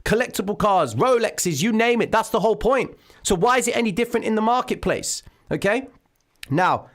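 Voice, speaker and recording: A man hosting a live trading stream from home, commenting excitedly on the market and calling his viewers ladies and gentlemen. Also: high voice, fairly quick. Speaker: trading livestream host. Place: home room, daughter present. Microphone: desk microphone.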